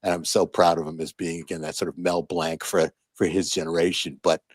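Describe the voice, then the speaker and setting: A man in his sixties telling stories as an interview guest, animated, with many restarts and fillers. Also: low voice, a little fast, slightly rough, no echo. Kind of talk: casual interview storytelling.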